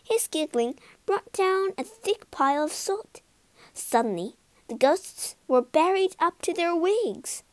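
A woman reading a children's story aloud in a playful, expressive way and voicing the characters. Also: very high-pitched, a little slow, few pauses, no echo.

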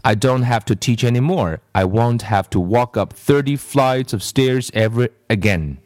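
A man voicing a mean old woman teacher who turns children into apples, with a shrill, shrieking manner. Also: normal speed, darkish tone, no echo, studio quality, lightly acted. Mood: gleeful.

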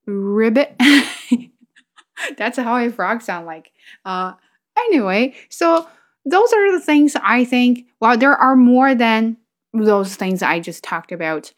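A woman's voice: a little high, animated, slow, a bit bright. Chatty woman imitating animal sounds. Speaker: vlogger. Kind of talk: casual chat about language and culture.

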